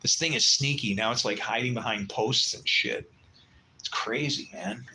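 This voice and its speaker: A man's voice: mid-range voice, moderate pace, bright, forceful tone, husky, poor audio. A man in his sixties hosting a casual livestream, telling long rambling stories in a blunt, swearing way and muttering asides. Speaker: livestream host.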